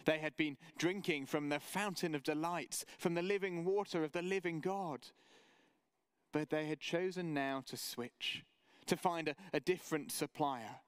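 Man, sermon, smooth clear voice, measured and earnest. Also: a little high, dry recording. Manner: measured, earnest, with story-telling asides. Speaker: preacher. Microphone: camera mic, online service.

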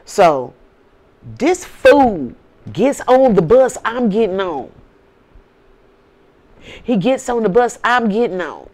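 A woman's voice: on the high side, sing-song, slow pace, long pauses, a little mellow. A woman with a St. telling a story in casual talk, blunt and swearing freely. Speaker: vlogger.

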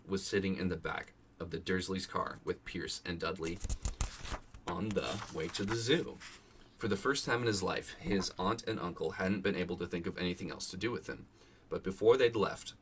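A man's voice: sits low, fairly quick, a bit bright, a little hiss or hum. A man casually reading a novel aloud, voicing the characters and dropping crude asides. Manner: reads character lines in varied voices, swears in asides. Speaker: vlogger reading a book aloud.

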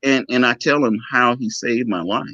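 A man's voice: mid-range voice, normal speed, no room sound. A man telling an emotional personal story as an interview guest and acting out the dialogue. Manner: emotional, animated, acts out dialogue. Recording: dull lo-fi, dry.

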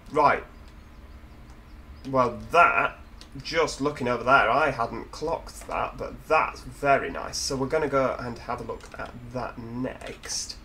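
Yorkshire bloke doing chatty jokey game commentary, normal mid voice, bit of faint hiss behind. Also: male voice, medium pitch, pushed and bright. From Yorkshire, England. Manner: chatty, jokey, self-mocking asides. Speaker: gaming video host. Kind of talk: casual gameplay commentary.

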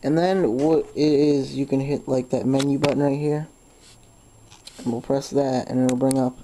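A man's voice: mid-range voice, warm tone, a little hiss or hum. A man with a stuffy nose hosting a casual phone tutorial, rambling with lots of "um" and swearing when frustrated. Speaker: tutorial host.

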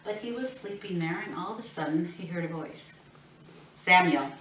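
A woman's voice: on the low side, a little fast. A woman telling a Bible story to children, acting out the voices and asking the children questions. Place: classroom or church room. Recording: echoey room, recorded from a distance.

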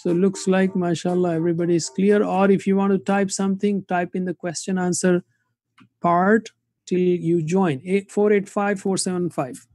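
A man teaching Quranic Arabic in an online class, saying word forms slowly and having students repeat them. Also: sits high, little pitch movement, a little mellow, no room sound. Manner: drills words slowly, asks class to repeat. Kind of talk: online lesson with drills.

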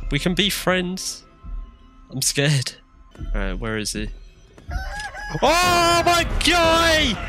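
A man's voice: mid-range voice, bright, forceful tone. A young man giving jittery let's play commentary on a horror game, shrieking when scared. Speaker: gamer.

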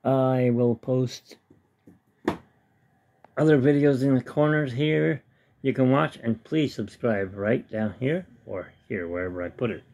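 Man, casual hobby vlogger, mid-pitched, rambling as he tinkers, webcam at home. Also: unhurried, a little mellow, dull audio. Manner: rambling, talks to himself while tinkering. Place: home hobby room with model train layout.

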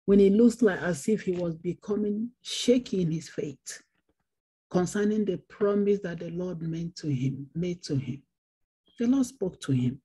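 A woman's voice: fairly low pitch, warm tone, breathy edge. A woman pastor preaching a Bible study sermon, repeating phrases for emphasis. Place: church.

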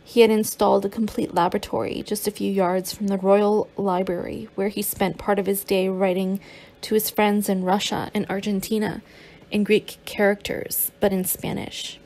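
Gravelly-voiced woman narrating an audiobook. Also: mid-range voice, level tone, normal speed, mellow. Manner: reads with occasional stumbles and restarts.

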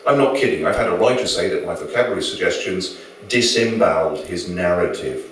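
A man's voice: low voice, fairly quick, slight background noise. A male author reading his novel aloud to an audience at a live venue, with dry, wry storytelling. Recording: very echoey room, mic far off.

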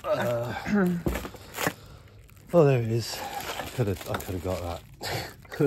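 A man's voice: medium pitch, big pitch swings, slow pace, noisy background. A man making brief, laid-back remarks in casual chat. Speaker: co-host, husband.

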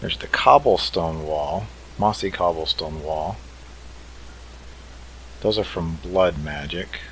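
A man's voice: deep voice, slow, a bit bright, slight background noise, low-quality recording. A man hosting a let's play, thinking aloud in an easygoing way as he builds. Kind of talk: casual game commentary.

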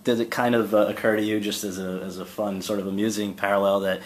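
Halting male interviewer. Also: lowish voice, little pitch movement, a little hiss or hum, low-quality recording. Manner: halting, restarts questions, laughs along. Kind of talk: interview questions.

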